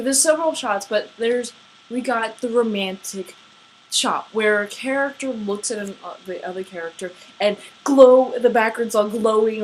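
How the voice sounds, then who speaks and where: A woman's voice: medium pitch, slight background noise, poor audio. A woman gushing about her favorite fictional couple in a casual vlog, swearing freely, gasping and laughing as she goes. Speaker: vlogger. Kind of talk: excited fan rant.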